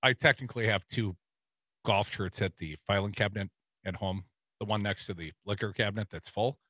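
Wry, bright-voiced male radio co-host. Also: lowish voice, fairly quick, dry recording, clean studio sound. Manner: wry, teasing banter. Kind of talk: casual political talk radio.

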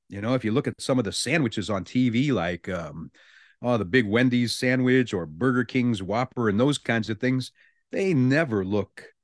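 A man's voice: medium pitch, dry recording. A male radio show host, chatting casually on a studio mic and reading out the news with amused asides. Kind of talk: morning radio talk.

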